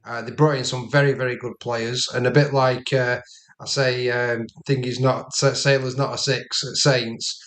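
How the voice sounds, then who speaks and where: Podcast co-host guy, flat even voice, halting, agrees a lot. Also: mid-range voice. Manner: halting, agreeable, many fillers. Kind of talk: casual sports podcast chat.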